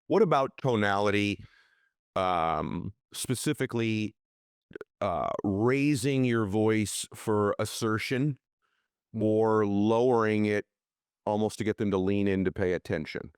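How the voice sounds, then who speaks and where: A middle-aged man hosting a podcast, talking in an energetic, emphatic motivational way, reading ads and asking questions. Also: fairly low pitch, takes it slowly, smooth, dry recording, studio quality. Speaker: podcast host. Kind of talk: podcast interview and ad reads.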